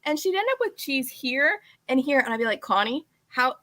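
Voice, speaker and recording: Lively, bright-voiced woman podcast host. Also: high-pitched, brisk. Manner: animated, playful storyteller. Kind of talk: casual chat over video call. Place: home room with a room divider behind.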